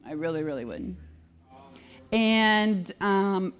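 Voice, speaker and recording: Brash fast-talking woman telling stories. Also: medium pitch, lively intonation, clear, resonant tone. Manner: brash, self-deprecating, fast storytelling. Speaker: host. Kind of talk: live comedic storytelling.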